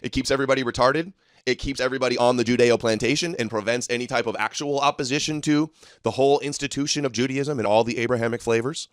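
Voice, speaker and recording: A man in mid-rant on his own livestream, combative and openly mocking. His sarcasm comes through in a plain, middle-pitched voice. The sound is dry and close, with no room around it. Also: fairly even intonation, fast talker, no echo. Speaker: livestream host. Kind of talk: ranting livestream commentary.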